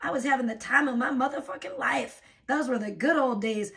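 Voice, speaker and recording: A woman's voice: high-pitched, fairly quick, fairly bright tone, far from the mic. A woman hosting a livestream, ranting in a profane, rambling way and laughing often. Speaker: livestream host. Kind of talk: casual livestream rant.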